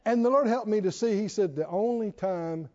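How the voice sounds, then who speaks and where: A man preaching a sermon, emphatic and animated, stretching key words slowly and chuckling between points. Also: high-pitched. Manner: animated, emphatic, with slow drawn-out stresses and chuckles. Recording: dull sound with long hall reverb.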